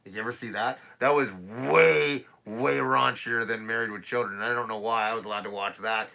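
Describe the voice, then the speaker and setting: Gravelly bright guy in his 30s, crude loud banter, laughs a lot, belts out old tv themes. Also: medium pitch, fairly even intonation, brisk. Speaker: podcast co-host. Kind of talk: casual chat.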